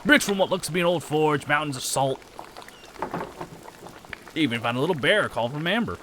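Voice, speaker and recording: A down-to-earth farmer, as a man reads him out for a story game, blunt and practical. He talks with a lively voice that swings in pitch. Faint noise hums underneath. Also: brisk, natural voice. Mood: matter-of-fact. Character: plain-spoken male farmer, practical and down to earth.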